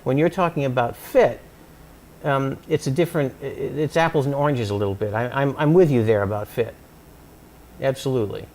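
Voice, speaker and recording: A man in a recorded interview talks through his ideas at an even pitch. He stumbles and restarts often as he reaches for the right words, building his point with examples. Faint noise hums under the recording. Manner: halting, many restarts, explains with examples. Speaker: psychoanalyst interviewee. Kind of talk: thoughtful conversational interview.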